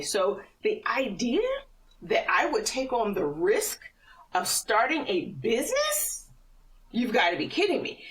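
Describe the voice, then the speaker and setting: A middle-aged woman telling a personal faith story as a podcast guest, animated and often laughing. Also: medium pitch, recorded from a distance, poor audio. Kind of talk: personal testimony in casual conversation.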